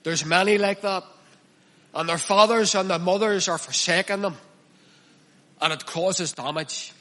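A man's voice: high voice, measured pace, bright, forceful tone. A man preaching a sermon in an earnest manner, repeating and stressing his key phrases. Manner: earnest, repetitive emphatic preaching.

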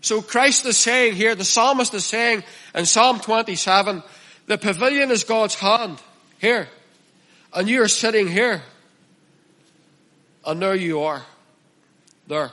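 A man's voice: high voice, takes it slowly, pauses often, bright, forceful tone. A man preaching a sermon in an earnest manner, repeating and stressing his key phrases. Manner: earnest, repetitive emphatic preaching.

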